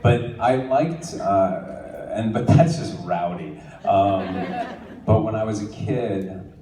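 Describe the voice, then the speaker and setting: A man's voice: lowish voice, slow pace. A man from New Jersey, a guest actor answering fan questions at a convention panel, joking and teasing and laughing often. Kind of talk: casual fan Q&A. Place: large convention hall with an audience. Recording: echoey hall, distant mic, crowd noise.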